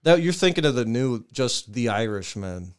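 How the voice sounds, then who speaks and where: A laid-back man chatting on a podcast with a friend, loose and profane. His voice is smooth and resonant. He drops "dude" and curse words without thinking. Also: medium pitch, sing-song, normal speed. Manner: laid-back, swears freely, says dude a lot. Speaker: podcast co-host. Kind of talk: casual chat.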